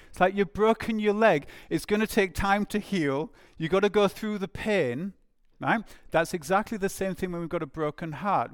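A man's voice: a little high, no echo, studio quality. A man preaching a sermon in an earnest way, repeating key phrases for emphasis.

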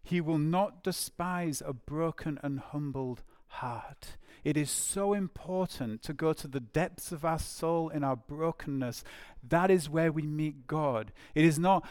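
A man preaching a sermon in an earnest tone, voice sitting fairly high. He repeats key phrases to drive them home. The sound is close and dry, with no room echo. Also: darkish tone.

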